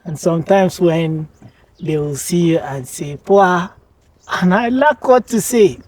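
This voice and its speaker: Woman student guest, low and mellow, slow, soft-spoken and hesitant. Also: lively intonation. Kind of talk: casual interview chat.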